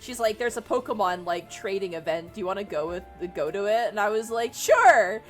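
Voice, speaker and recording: A woman hosting a live stream, telling friends lively casual stories, laughing often and swearing freely. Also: mid-range voice, fairly quick, soft background music. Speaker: streamer host. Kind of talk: casual chat before a tabletop game.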